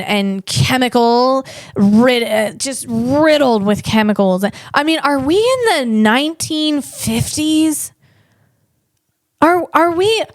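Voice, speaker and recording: A woman with a voice on the high side hosts her own podcast as a stand-up comedian, delivering a casual solo monologue. She rambles and rants in a jokey, teasing way, restarting often, in a dry, studio-quality recording.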